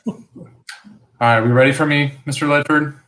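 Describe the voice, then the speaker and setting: A man co-hosting a live podcast, relaxed, setting up bits with fillers. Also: on the high side, normal speed. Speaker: podcast co-host.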